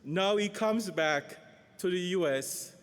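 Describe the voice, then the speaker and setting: A man with a fairly high voice introduces a speaker at a conference. He speaks haltingly, stumbling over restarts, and the long reverb of a large hall trails behind his words. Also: smooth.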